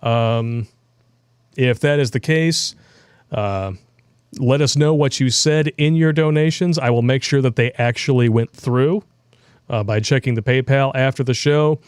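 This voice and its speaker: A man hosting a live show, reading out donations and messages in a quick, wry way. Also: medium pitch, darkish tone, clean tone, no echo, studio quality. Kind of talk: casual chat, reading donations.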